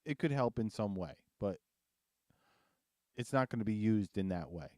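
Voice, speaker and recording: American guy cohosting a podcast, low mellow voice, swears a lot, dry close mic. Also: lively intonation, normal speed, no room sound. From United States. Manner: profane, laughing, mocking impressions. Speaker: podcast co-host. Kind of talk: casual chat.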